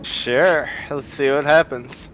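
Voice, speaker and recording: Slow-talking man rolling dice. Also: medium pitch, steady tone, a bit bright, soft background music, poor audio. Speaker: player.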